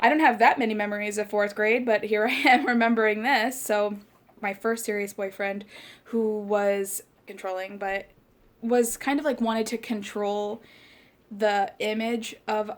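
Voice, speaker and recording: A woman in her late twenties, hosting a casual life-chat podcast. She rambles in a passionate way, strings thoughts together with plenty of "like" fillers, and speeds up when she gets excited. Her pitch sits in a middle range for a woman. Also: measured pace. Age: late 20s. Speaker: podcast host.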